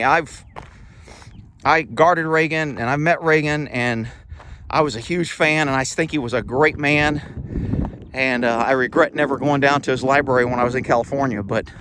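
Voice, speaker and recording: A man's voice: mid-range voice, noisy background. A middle-aged man, rambling bluntly while walking outdoors, slightly out of breath, recorded on a phone. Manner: rambling, blunt, chuckling asides. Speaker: vlogger. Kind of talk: casual walking monologue. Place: outdoors on rural property. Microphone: phone held while walking.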